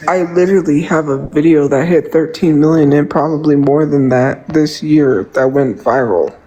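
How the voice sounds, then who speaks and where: A woman's voice: low voice, normal speed, dark tone, highs cut off. A woman livestreamer ranting to her viewers, indignant and profane, saying "literally" and "like" again and again.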